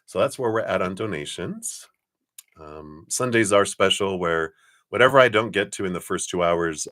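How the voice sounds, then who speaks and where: A middle-aged man hosting a live card-reading stream, chatting casually, often chuckling and clearing his throat. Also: sits low, a bit bright.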